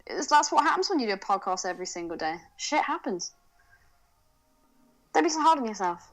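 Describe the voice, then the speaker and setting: A woman's voice: a little high, big pitch swings, brisk, rough recording. A woman co-hosting a podcast in casual banter, brash and breezy, swearing casually. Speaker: podcast co-host.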